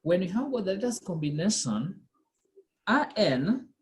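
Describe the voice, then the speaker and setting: Slow, patient woman teaching online. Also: fairly low pitch, very animated, darkish tone, slight background noise. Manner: patient, repeats and checks understanding. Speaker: French pronunciation teacher. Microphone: video call.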